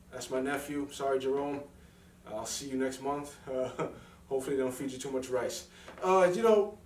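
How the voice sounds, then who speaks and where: A man's voice: mid-range voice, a little mellow. A man doing a comic sports report, boastful and rambling, with frequent asides. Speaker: sports segment presenter. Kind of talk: comic news sketch. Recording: roomy, distant mic, faint noise.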